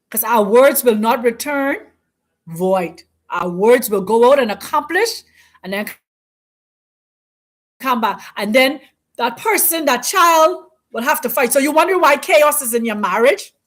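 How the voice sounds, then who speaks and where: A woman hosting a spiritual teaching talk, speaking in an emphatic, preacherly way with repeated, drawn-out phrases. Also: sits high, expressive, a bit bright. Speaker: host.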